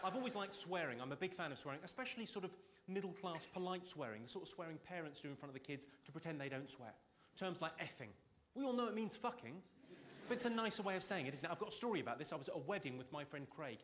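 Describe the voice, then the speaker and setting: A man doing stand-up comedy on stage with deadpan one-liners and sharp timing. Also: on the high side, fast talker, a little hiss or hum. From Britain. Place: stage before a live audience. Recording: loud audience laughter over live show.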